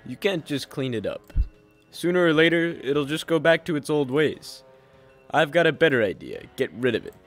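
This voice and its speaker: A self-important villain mayor played by a man who talks in big, booming, theatrical speeches. He is pompous and grandiose, and he loves the sound of his own voice in this comedic audio drama. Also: animated, normal speed, faint music behind. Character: pompous scheming male city mayor villain.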